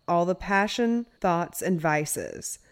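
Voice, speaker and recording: Podcast co-host, woman, lowish voice, lively storyteller who laughs a lot. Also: slow pace. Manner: animated, laughing often, playful asides. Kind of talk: casual storytelling chat.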